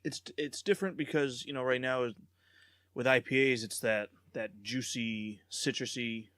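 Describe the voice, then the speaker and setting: A man co-hosts a casual chat podcast in a laid-back way. His voice is in a middle pitch. It is recorded dry and close. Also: fairly even intonation, moderate pace, a bit bright, dry recording. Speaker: podcast co-host.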